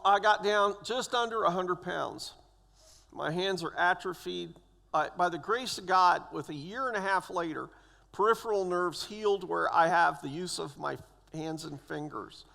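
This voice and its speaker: A man in his sixties who serves as a church elder shares his personal testimony in the sanctuary, voicing the characters in his story. His voice sits high, creaky and sharp, with long church hall reverb on the recording.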